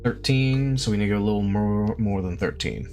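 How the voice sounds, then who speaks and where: A man's voice: on the low side, brisk, darkish tone, faint music behind. A man streaming live, chatting casually while he draws. He rambles, laughs often and swears freely.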